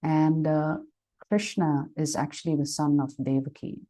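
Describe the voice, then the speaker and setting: A woman teaching as a spiritual speaker, retelling devotional scripture stories in a measured way with frequent fillers. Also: low voice, little pitch movement, warm tone, low-quality recording. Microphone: online session microphone.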